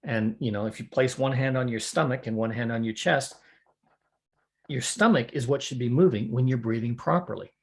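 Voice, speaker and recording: A man's voice: mid-range voice, moderate pace, gravelly. A middle-aged man teaching would-be square dance callers about breathing and voice care, in a folksy, practical way, showing what he means as he talks. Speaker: square dance calling instructor. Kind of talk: spoken lesson to a camera.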